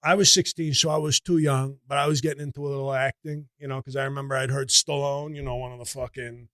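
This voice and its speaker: A man's voice: medium pitch, level tone, fast talker, a bit bright, no echo, natural voice. A man playing a crude, boastful Italian-American guy from New Jersey, ranting in character with brash, profane bragging. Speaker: comedy character guest. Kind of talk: in-character comedic rant.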